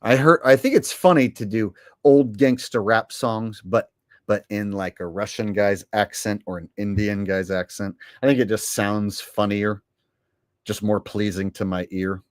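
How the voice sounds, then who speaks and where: A man's voice: lowish voice, fairly even intonation, a little slow, dry recording, clean studio sound. A man hosting his own livestream, talking in a rambling, profane, blunt way. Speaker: channel host. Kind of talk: casual livestream talk.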